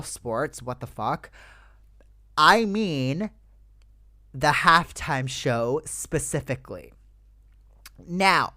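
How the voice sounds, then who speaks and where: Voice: medium pitch, fairly bright tone, dry recording. A young adult podcast host talks straight to the listeners in a loose, heated rant. Curses come easily, and the talk stays casual and personal. The voice sounds dry and close, with no room around it. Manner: ranting, swears freely, addresses listeners as "you guys". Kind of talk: casual solo podcast chat.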